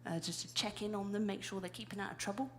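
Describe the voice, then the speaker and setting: A woman's voice: mid-range voice, fairly even intonation, fast, slight background noise. A woman from the UK with a British accent, chatting and rambling on stage between songs at a live show. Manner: chatty, self-deprecating, rambling. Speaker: stage co-host. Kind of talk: casual on-stage banter. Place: live music venue.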